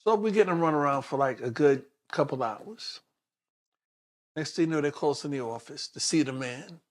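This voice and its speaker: Brief: New man, sixties, interview guest, lively storyteller, slightly high voice. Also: moderate pace. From Brooklyn, New York. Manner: animated storyteller who acts out the people he quotes. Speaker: guest, detective. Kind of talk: personal storytelling in a sit-down interview.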